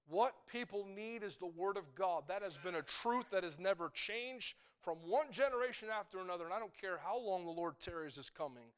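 A man's voice: sits high, fairly bright tone, smooth. Fervent man preaching a sermon. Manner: fervent, calls out "Amen?" to the congregation.

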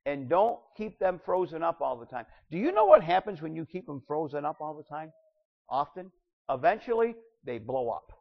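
A man's voice: a little high, sing-song, normal speed. A man preaching a sermon, reading scripture and then pressing his point with rising bursts of emphasis. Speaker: pastor. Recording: dull roomy church recording.

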